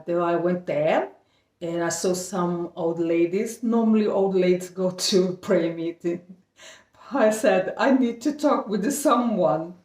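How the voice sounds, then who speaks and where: A middle-aged woman from Brazil, Portuguese-speaking by birth, recounts her story in slow, halting English. She often restarts phrases and laughs between them. Her voice sits back from the microphone in a roomy, echoing space. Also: on the low side, a little mellow, recorded from a distance. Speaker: vlogger. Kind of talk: casual storytelling. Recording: echoey room, voice a bit off-mic.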